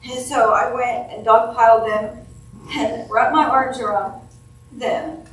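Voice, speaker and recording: A woman reading a eulogy from her notes at a funeral home chapel, emotional and halting, with restarts. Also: on the high side, fairly even intonation. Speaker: family member giving a eulogy. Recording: very echoey hall, from far off.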